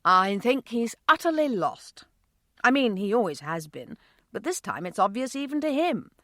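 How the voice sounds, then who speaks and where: Calm kind dad type, woman narrator doing him, measured and even, dry voice. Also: fairly high pitch, no room sound. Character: steady kind husband and father.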